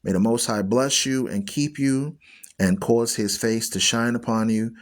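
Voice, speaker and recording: A man's voice: medium pitch, fairly even intonation, a little slow. A man hosting an online Bible radio show, teaching scripture in an emphatic, preachy way and repeating phrases for stress. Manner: preachy, argues with viewers.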